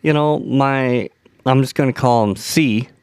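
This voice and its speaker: A man's voice: medium pitch, a little slow, a little mellow, smooth, dry recording, clean studio sound. A man co-hosting a parenting podcast, a father who tells stories casually and acts out the voices of the people in them. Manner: acts out quoted voices, laughs at own story. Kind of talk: casual storytelling chat.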